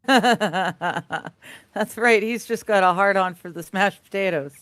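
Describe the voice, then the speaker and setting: A woman's voice: mid-range voice, takes it slowly, a bit bright, no echo. A woman co-hosting a casual live stream, chatting easily and laughing often. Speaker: stream co-host.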